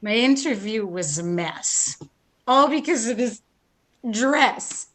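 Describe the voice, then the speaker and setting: A woman's voice: on the high side, lively intonation, slow, fairly bright tone, full character voice. A woman with an American accent reading a shy but talkative young American woman in a live play reading, rambling and self-deprecating. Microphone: video call.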